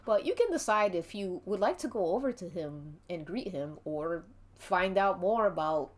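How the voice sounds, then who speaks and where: A woman's voice: fairly low pitch, lively intonation, normal speed. A woman narrating a tabletop-style role-play game as game master, chatty and giggly.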